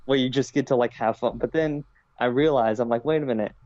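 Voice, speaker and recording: A man co-hosting a podcast in casual chat, relaxed and rambling, often quoting his own thoughts. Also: medium pitch, fast, highs cut off. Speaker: podcast co-host.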